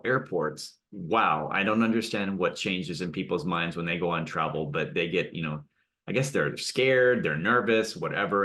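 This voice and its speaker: Male host, soft conversational monologue; low-ish voice with a lively, wide-ranging lilt. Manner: gentle, conversational, acts out quoted exchanges. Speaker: spiritual talk host. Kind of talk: reflective monologue.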